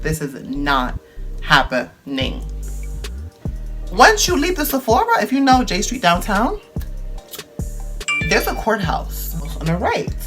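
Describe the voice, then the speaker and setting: A man of twenty-one telling a story on his video blog, dramatic and animated, full of slang. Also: high voice. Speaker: vlogger. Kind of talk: storytime vlog.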